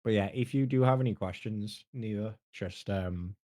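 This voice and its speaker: A man's voice: on the low side, moderate pace, mellow. A man with a northern English accent chatting casually on a stream, wry and laid-back. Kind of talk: casual chat.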